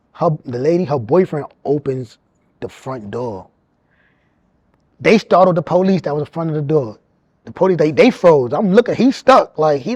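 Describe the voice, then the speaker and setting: A man around forty, telling his own life story in an animated, streetwise way, often repeating words as he goes. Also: a little high, no echo. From New York. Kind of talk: casual storytelling.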